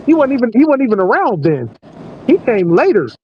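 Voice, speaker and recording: A man's voice: very high-pitched, fairly quick. A man in his forties, a podcast host, telling profane stories in a casual chat and laughing as he goes, recorded inside a parked vehicle. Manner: animated, profane, laughing storyteller. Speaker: podcast host working night security patrol. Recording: muffled lo-fi with faint hiss.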